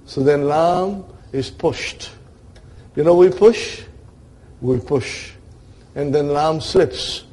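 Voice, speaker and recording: A man's voice: a little high, dark tone. A man teaching an Arabic grammar class in lecture style, often checking in with his listeners.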